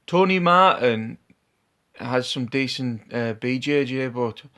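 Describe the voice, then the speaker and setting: A man's voice: medium pitch, level tone, unhurried. A man vlogging his fight predictions in a casual, unscripted way, laid-back and hesitant, often trailing off and restarting. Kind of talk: casual talk to camera.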